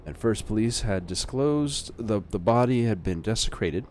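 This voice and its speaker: A man's voice: lowish voice, expressive, moderate pace, darkish tone, a little hiss or hum, lightly acted. A man doing a formal male TV newscaster voice, reading in a stiff, announcer-like way.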